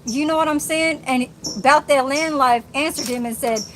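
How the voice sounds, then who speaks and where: A woman's voice: sits high, normal speed, fairly bright tone, slight background noise. A woman ranting angrily on her live stream, cursing and calling out someone directly. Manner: profane, combative, addresses viewer directly. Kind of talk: angry live-stream rant.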